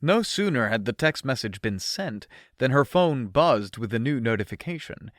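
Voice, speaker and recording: A man narrating an audiobook in an expressive first-person storytelling manner, recorded on a close studio mic. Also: mid-range voice, moderate pace, no room sound.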